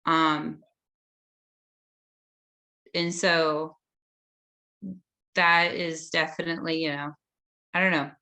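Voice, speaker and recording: A woman's voice: deep voice, level tone, slow, pauses often, bright, forceful tone. A woman taking part in a course discussion, talking casually and hesitantly with many fillers. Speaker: course participant.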